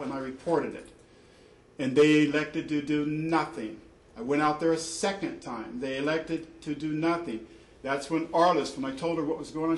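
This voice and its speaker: A man, a father and church deacon, giving an impassioned testimony in an indignant, emphatic way, often restarting his sentences. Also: a little high. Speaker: father testifying in a custody dispute. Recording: echoey room with faint background noise.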